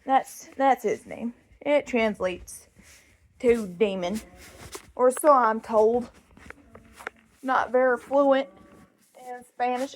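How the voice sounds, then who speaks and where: A woman's voice: slow, pauses often. A young woman with a put-on Southern drawl, chatting casually while walking around a farm, a little out of breath. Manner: chatty, coos at animals in a high baby voice. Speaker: farm vlogger. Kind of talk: casual walk-and-talk farm vlog. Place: outdoors on a farm.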